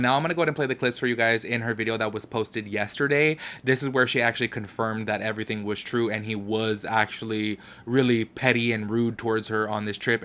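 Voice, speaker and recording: A man's voice: lowish voice, a bit bright. Chatty young man doing commentary. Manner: chatty, many fillers like um and like. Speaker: commentary YouTuber. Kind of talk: casual commentary to camera.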